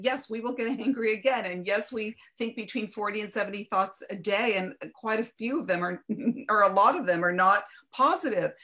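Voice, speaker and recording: A woman's voice: lowish voice, fairly bright tone. A woman hosting an interview, speaking thoughtfully and affirming her guest, with a few fillers. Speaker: interviewer, host. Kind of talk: conversational interview.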